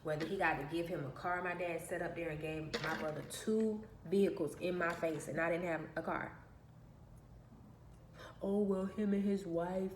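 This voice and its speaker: A woman's voice: low voice, brisk, hardly any pauses. A woman vlogger telling a personal story in an emphatic, aggrieved way, repeating her phrases, in an echoey room. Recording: echoey room with faint background noise.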